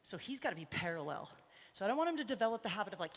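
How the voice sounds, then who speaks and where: Speaking rapid-fire with hardly any pauses, a woman with a slightly high, very animated voice rides and demonstrates at a live clinic in a horse expo's indoor arena. A wireless body mic catches her a bit out of breath as she chats to her colt and the crowd in the large hall.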